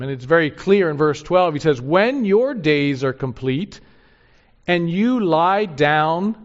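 A man teaching through a Bible passage verse by verse. He reads scripture aloud slowly and with emphasis, and asks his listeners rhetorical questions. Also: a little high, muffled recording.

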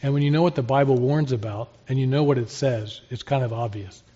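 In a slightly dull, lo-fi recording, a man preaches an expository sermon earnestly and conversationally, raising rhetorical questions and answering them. His mellow voice is mid-range and moves a little fast.

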